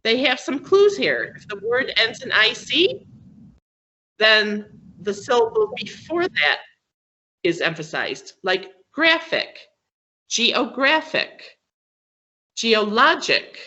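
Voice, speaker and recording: Slow, lively woman teaching English. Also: mid-range voice. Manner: patient, explains slowly with many fillers and checks. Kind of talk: classroom lesson on word stress.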